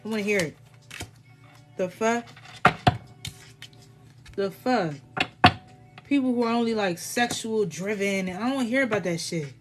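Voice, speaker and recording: A woman's voice: mid-range voice, unhurried, long pauses, loud music behind the voice. A woman doing a casual live tarot reading, talking in a blunt, rambling way full of swearing. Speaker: tarot reader.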